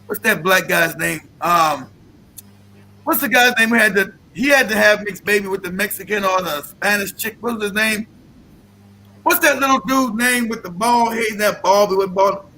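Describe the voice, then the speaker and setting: A man's voice: sits high, moderate pace, gravelly, sharp tone, a little hiss or hum, poor audio. A man hosting a podcast, talking in a casual, profane and mocking rant and laughing often. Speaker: podcast host.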